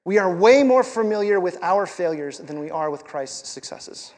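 A man's voice: high-pitched, lively intonation, normal speed, in a large hall. A male pastor preaching a sermon in a conversational, emphatic way, with rhetorical questions and repeated words for stress.

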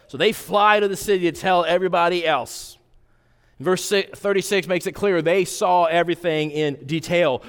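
Animated male preacher in a reverberant hall. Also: sits high, smooth. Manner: animated, swinging from loud emphatic peaks to quiet intense asides. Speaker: pastor. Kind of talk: sermon.

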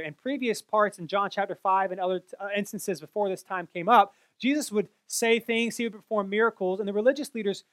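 Male Bible teacher, high voice, earnest and explanatory, dry close sound. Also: a bit bright, no echo. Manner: earnest, explanatory, with frequent self-corrections.

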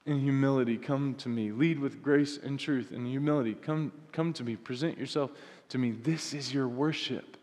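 A man's voice: mid-range voice, fairly even intonation, moderate pace. Earnest preaching man in a reverberant hall. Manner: earnest, swings from loud emphatic to soft and hushed. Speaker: pastor. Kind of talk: sermon.

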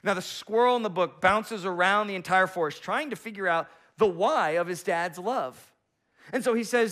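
Male pastor mid-sermon, emphatic and repetitive, pitched a bit high. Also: moderate pace, fairly bright tone. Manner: emphatic, repetitive preaching with rhetorical questions.

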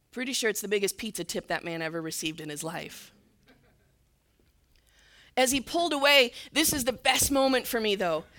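A woman church leader telling a story in a sermon, earnest and sometimes dropping to a soft near-whisper. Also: a little high.

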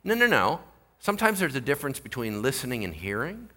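A man preaching a sermon as pastor, animated and jokey, acting out the people in the story. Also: medium pitch, quick pace.

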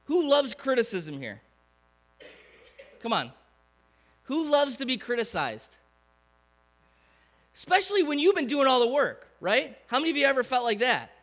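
A man's voice: very high-pitched, normal speed, long pauses. A man, preaching a conversational sermon full of questions to the congregation. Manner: animated, conversational preaching with rhetorical questions to the crowd. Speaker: pastor.

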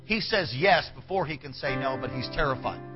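A man's voice: mid-range voice, fairly quick, muffled recording. A man preaching a sermon, telling a Bible story with acted-out voices and asides. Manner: animated, acts out characters, talks to the band. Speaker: pastor. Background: soft band music.

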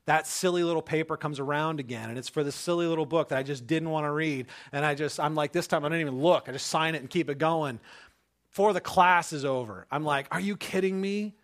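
Pastor in his thirties, male, slightly high voice, chatty storyteller who swings into fervent preaching. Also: a little fast, fairly bright tone. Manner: conversational storyteller, building to emphatic preaching. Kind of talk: sermon with personal story.

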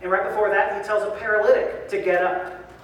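A man preaching a sermon as pastor, lively and joking, recorded from a distance in a large church hall. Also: high voice, fairly quick. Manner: lively, joking preacher who acts out voices. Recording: echoey hall from far off.

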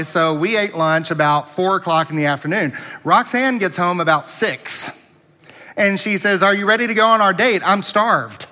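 A man's voice: on the high side, pushed and bright, long reverb tail. A man, preaching a sermon as pastor, telling folksy stories and chuckling often. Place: church sanctuary.

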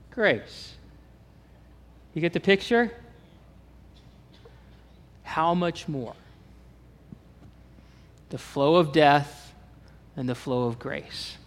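A Kansas man with a Kansas accent preaches a sermon as pastor, animated and posing questions to the congregation. His voice is fairly high-pitched, and he's in a large hall.

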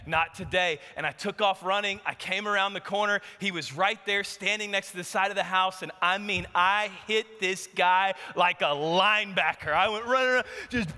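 Animated preacher in a hall. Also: male voice, sits high, normal speed, hardly any pauses. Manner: animated, emphatic storyteller with rising shouts. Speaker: pastor. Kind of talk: sermon with storytelling. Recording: long hall reverb.

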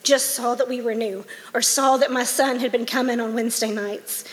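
A woman's voice: fairly high pitch, fairly even intonation, normal speed, big-room sound. A woman giving a heartfelt personal testimony to a church congregation, getting emotional as she talks.

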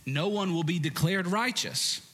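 Guy preaching on stage, chatty and jokey, bright voice, big hall echo. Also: high voice, a little slow. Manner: conversational preaching, jokey asides, bursts of shouting. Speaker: pastor. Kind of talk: sermon. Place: church stage.

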